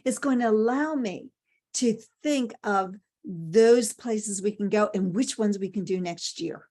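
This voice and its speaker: A woman's voice: mid-range voice, measured pace, mellow. A middle-aged woman giving a motivational talk, emphatic, repeating key phrases and asking rhetorical questions. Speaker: motivational speaker.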